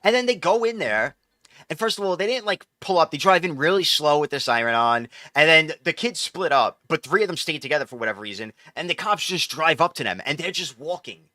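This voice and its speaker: Fired-up, bright-voiced man ranting on a live stream. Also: a little high, lively intonation, a little fast, dry recording, clean studio sound. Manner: profane, exasperated, rambling with restarts. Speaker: livestream host. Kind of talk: casual ranting storytelling.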